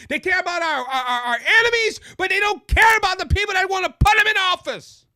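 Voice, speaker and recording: A man's voice: extremely high pitch, expressive, fast, sharp tone, no room sound, clean studio sound. A man with a Cajun accent hosting a political show, ranting passionately, raising his voice and repeating words as he restarts. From Louisiana. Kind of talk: political commentary rant. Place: studio with a monitor.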